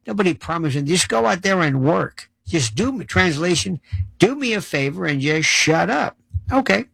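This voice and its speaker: Male commentator, sarcastic ranting monologue, gravelly voice, dry close sound. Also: high-pitched, normal speed, no echo, low-quality recording. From United States. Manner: sarcastic, animated, mocking voices. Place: New York City.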